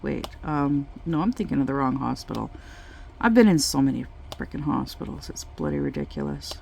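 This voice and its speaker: A woman vlogger chatting casually while she crafts, telling a story in a slow, halting way with many pauses. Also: very deep voice, sing-song, creaky, darkish tone, slight background noise.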